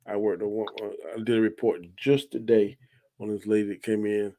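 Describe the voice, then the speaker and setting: A man's voice: on the low side, level tone, brisk, warm tone. A man co-hosting a casual panel chat, blunt and teasing, talking in loose slang. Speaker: podcast co-host.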